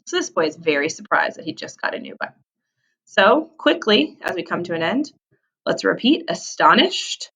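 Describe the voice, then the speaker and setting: A woman's voice: mid-range voice, a bit bright. A woman teaching a vocabulary lesson to young children, stretching out key words for emphasis.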